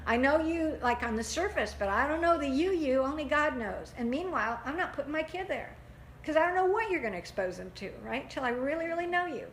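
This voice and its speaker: Middle-aged woman, parenting teacher, animated and fairly high, recorded in an echoey room. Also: a little fast. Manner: animated, acts out parents' voices, laughs often. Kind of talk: lively group talk. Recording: echoey room, faint background noise.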